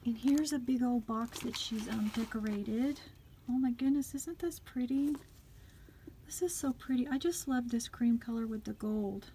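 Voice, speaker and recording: A woman's voice: fairly high pitch, moderate pace, a little hiss or hum. Gushing woman unboxing crafts. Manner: gushing, excitable, softly murmuring asides. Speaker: craft vlogger. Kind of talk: unboxing commentary, chatty. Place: home craft room.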